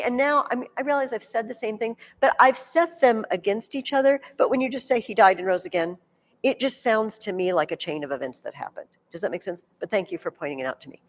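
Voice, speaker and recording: A woman teaching a classroom grammar lesson, animated, speaking directly to her students with quick asides. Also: medium pitch, in a large hall. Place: large classroom with a reverberant sound.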